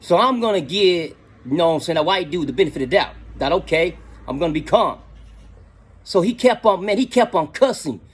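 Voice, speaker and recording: Husky high-voiced man telling a story. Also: lively intonation, a little fast. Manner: slangy, keeps saying "you know what I'm saying". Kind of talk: casual storytelling.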